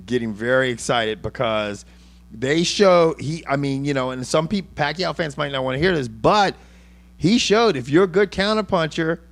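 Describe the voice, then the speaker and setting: A man hosting a casual boxing chat, cursing freely and rambling through his points with many restarts. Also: a little high. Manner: profane, rambling, animated. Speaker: podcast host.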